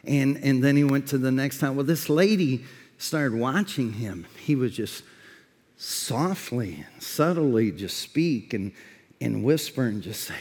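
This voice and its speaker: A man's voice: medium pitch, animated, a little slow, a little mellow, breathy edge. A man preaching a sermon as pastor, stressing points and putting questions to the congregation. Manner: emphatic preaching with repeated words and questions to the congregation. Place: church sanctuary. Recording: long hall reverb.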